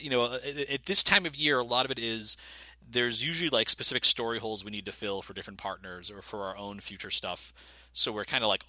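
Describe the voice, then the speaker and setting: A man's voice: fairly low pitch, no echo. An American man, a guest game designer, talking casually in an interview and rambling with many restarts. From United States. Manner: rambling with many restarts, lively when excited.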